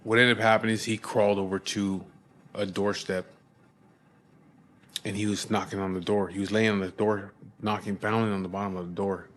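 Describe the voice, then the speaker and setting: A man with a low voice recounts a story in a loose, casual way. He talks bluntly and swears constantly. He often stumbles and restarts his sentences mid-thought. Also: little pitch movement, a bit bright. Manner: blunt and heavily profane; halting restarts and repeated words.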